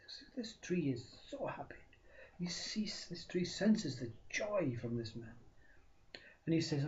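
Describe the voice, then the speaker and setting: A man tells a spiritual parable with a soft, mellow tone, repeating words for emphasis and slipping into whispers. The delivery swings between loud bursts and near-silence. The recording is dull and lo-fi. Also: on the high side, lively intonation, unhurried. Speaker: spiritual storyteller. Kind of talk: storytelling talk.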